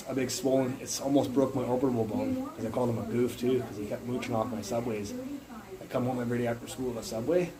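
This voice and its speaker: A young man rambles into his phone on a casual livestream, swearing freely and cutting himself off mid-thought. His pitch sits in an ordinary middle range. A noisy crowd of background chatter runs under him the whole time. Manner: blunt, profane, rambling, restarts mid-sentence. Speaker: live streamer. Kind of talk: casual rambling live-stream chat.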